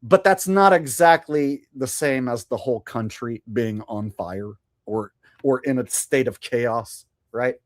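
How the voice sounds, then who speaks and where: A man's voice: mid-range voice, a little slow, hardly any pauses. A man hosting a livestream, chatting casually and a bit sarcastically while reacting to news clips and reading viewer messages. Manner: chatty, sarcastic, loose and animated. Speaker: livestream host. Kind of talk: casual commentary reading viewer super chats.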